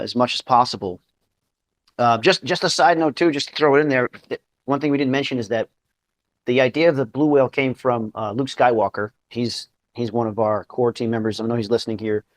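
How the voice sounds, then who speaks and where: A man as guest in a casual talk, earnest and often checking in with "right?". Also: mid-range voice. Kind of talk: casual chat.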